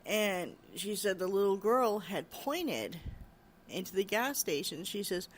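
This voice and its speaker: A podcast host retelling a spooky story in loose, chatty fashion, leaning on fillers and acting out the people in it. The voice sits at a middling pitch. Faint noise hums behind it. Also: a little slow. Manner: chatty storytelling, frequent "she's like" and "you know"; animated when quoting others, raising voice. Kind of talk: casual retelling of a ghost story.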